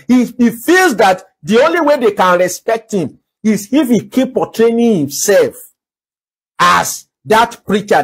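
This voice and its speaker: A man's voice: high-pitched, husky. A man preaching a sermon, earnestly asking rhetorical questions and repeating phrases for emphasis. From Nigeria. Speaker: pastor.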